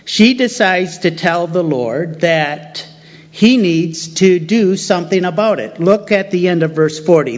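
A man preaching a sermon in a slow, unhurried delivery, his voice sitting a little high for a man. He leans on key phrases by repeating them. The recording sounds dull and lo-fi. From United States. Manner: deliberate, emphatic repetition of key phrases.

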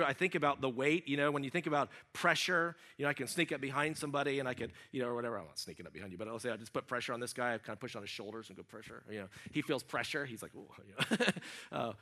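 A middle-aged male pastor preaching a sermon, dropping to a hush and rising to loud cries as he acts out quoted prayers. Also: mid-range voice. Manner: emphatic, swings from hushed to loud, voices quoted cries.

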